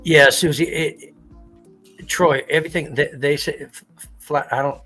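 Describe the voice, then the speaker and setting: A man's voice: fairly high pitch, fairly even intonation, a little slow, bright, forceful tone, soft background music. Rambling, swearing man hosting a livestream. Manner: rambling, swears freely, acts out quotes. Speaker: livestream host. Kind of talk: casual chat.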